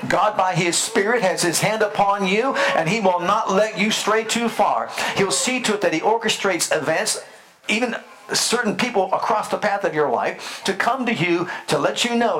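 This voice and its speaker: A man's voice: high voice, moderate pace, a bit bright. An older man, a pastor, preaching a sermon in a rhythmic style with repeated phrases and call-and-response prompts.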